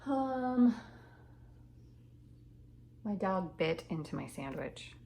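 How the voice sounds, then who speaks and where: A woman's voice: mid-range voice, very animated, very slow, gravelly, mellow. A middle-aged woman teaching kindergarten from home, talking to young children in an encouraging sing-song way. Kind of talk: remote class lesson. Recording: echoey room with noise.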